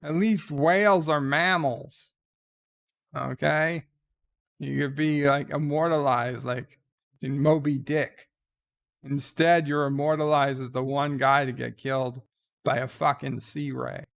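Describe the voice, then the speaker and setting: A man's voice: medium pitch, level tone, unhurried, gravelly, dry recording. A man hosting a casual live stream, reading viewer letters aloud and ranting crudely, with lots of fillers and restarts. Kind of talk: casual rambling chat.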